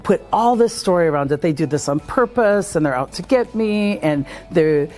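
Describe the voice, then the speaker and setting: Lively woman giving a conference talk. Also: on the low side, normal speed, soft background music. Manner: energetic, acts out quoted voices. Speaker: speaker on leadership.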